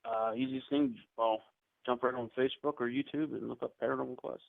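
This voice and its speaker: A man telling rambling ghost-hunting anecdotes as a podcast guest, with quick asides. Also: medium pitch, fairly even intonation, vocal fry, no echo. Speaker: podcast guest, paranormal investigator. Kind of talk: casual storytelling interview. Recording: tinny phone-like line.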